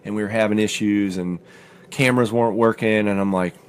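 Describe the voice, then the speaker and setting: A middle-aged man co-hosting a studio talk show, telling a long story in a casual, animated way and jumping high in pitch when he quotes himself. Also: a little fast, slight background noise. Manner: animated storyteller, acts out his own quotes with rising pitch. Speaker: podcast co-host.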